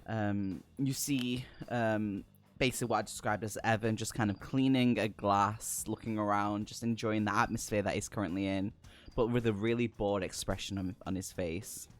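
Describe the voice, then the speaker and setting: A man running a tabletop game as game master, narrating in a relaxed, rambling way. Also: lowish voice, moderate pace. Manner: relaxed, many fillers and restarts.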